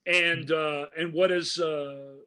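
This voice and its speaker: This man's voice is a little high and unhurried as he co-hosts a podcast. Talking loosely about a film, he throws himself into performing its dialogue with lively energy.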